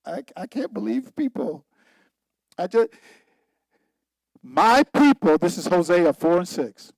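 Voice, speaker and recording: Emphatic man teaching scripture, high voice. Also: big pitch swings, takes it slowly, vocal fry, no echo, poor audio. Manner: conversational, laughs at own points, repeats words when emphatic. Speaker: pastor. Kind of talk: informal Bible teaching.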